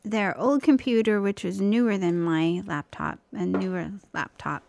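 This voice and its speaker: A woman's voice: mid-range voice, unhurried, vocal fry, darkish tone, slight background noise. A middle-aged woman co-hosting a podcast, chatting casually in a dry, matter-of-fact way. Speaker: podcast co-host. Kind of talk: casual chat.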